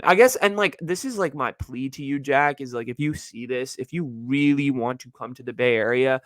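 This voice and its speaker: A man of twenty-one from Northern California, hosting his own show in a rambling, slangy solo rant that jumps to high, exasperated tones. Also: normal speed, hardly any pauses, no room sound. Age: early 20s. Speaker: podcast host.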